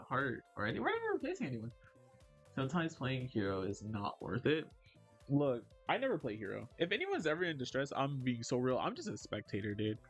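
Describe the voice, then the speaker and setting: A man streaming casually, reading chat aloud and answering in an animated, joking way. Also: mid-range voice, muffled recording.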